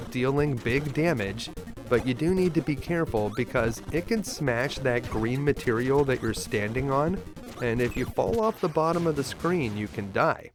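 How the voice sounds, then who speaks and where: A man host narrating a scripted video game walkthrough in an upbeat, lightly joking way, over clear game music. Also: medium pitch, moderate pace.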